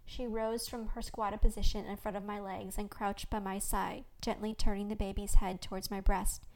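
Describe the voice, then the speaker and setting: A woman podcast host reading her own fiction aloud in a gentle, expressive storytelling manner. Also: mid-range voice, normal speed, low-quality recording.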